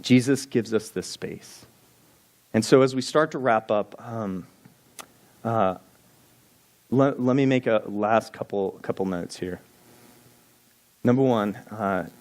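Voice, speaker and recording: A man's voice: fairly low pitch, takes it slowly, long pauses, a little mellow. A man giving a sermon as pastor, talking earnestly and conversationally, reading scripture passages aloud.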